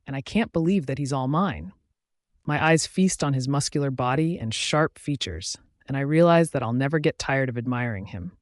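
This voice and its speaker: A man narrating a first-person fantasy romance audiobook in a steady storytelling voice. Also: mid-range voice, normal speed, no echo, studio quality.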